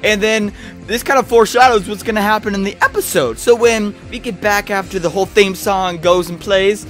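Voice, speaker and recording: A man giving a rambling, excitable casual review of a cartoon episode, often restarting his sentences. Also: high voice, a little fast, soft background music.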